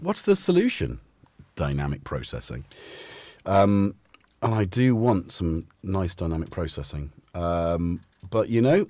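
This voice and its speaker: A man's voice: low-pitched, darkish tone, no echo. A man hosting a casual live stream from his home music studio, rambling and chatting to his cats as he goes. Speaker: livestream host.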